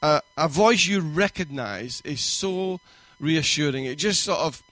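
A male pastor giving a sermon in a church, conversational and warm in pacing, with quoted asides and rising emphasis. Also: a little high, expressive, a little slow, no echo, soft background music.

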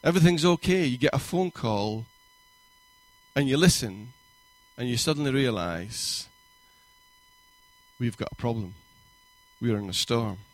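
A male pastor giving a sermon in a church, conversational and warm in pacing, with quoted asides and rising emphasis. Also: mid-range voice, lively intonation, measured pace, long pauses, no echo.

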